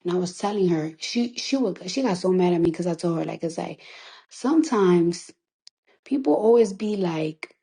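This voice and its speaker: Tearful, defiant woman with a low voice. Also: expressive, normal speed, warm tone. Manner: emphatic, defiant, heavy swearing, repeats lines for emphasis. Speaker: recording artist. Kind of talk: emotional livestream monologue. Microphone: phone livestream.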